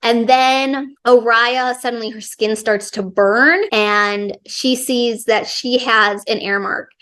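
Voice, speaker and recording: A woman's voice: fairly high pitch, steady tone, slow, a bit bright. A young woman giving a casual, enthusiastic book review, chatty and full of fillers.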